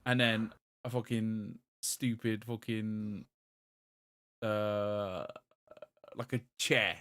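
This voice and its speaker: A man, co-hosting a podcast in casual, excitable chat full of swearing and restarts. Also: lowish voice, extremely slow, clear, resonant tone, dry recording. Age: 30s. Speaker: podcast co-host.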